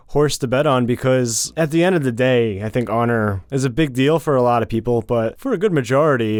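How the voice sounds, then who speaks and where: A man's voice: mid-range voice, a little mellow, clear, resonant tone, dry recording, clean studio sound. A man co-hosting a podcast, talking through his thoughts at length in a casual TV review discussion. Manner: rambling, thinks aloud with restarts. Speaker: podcast co-host.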